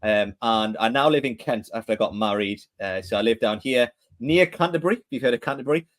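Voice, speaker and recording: Speaking fast at a medium pitch, a Geordie man from northeast England co-hosts a podcast from a home room in England. He's a director of training, and his manner is chatty, full of questions and lightly teasing.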